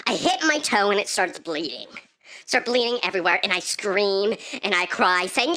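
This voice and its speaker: A woman vlogger telling a dramatic storytime monologue, often jumping into shrill shouted outbursts. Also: expressive, normal speed, dry recording.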